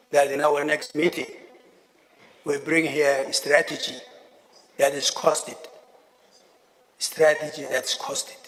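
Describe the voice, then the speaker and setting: A man, a government minister, giving a formal conference speech, measured and repeating key phrases for emphasis. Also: on the high side. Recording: long reverb of a large hall.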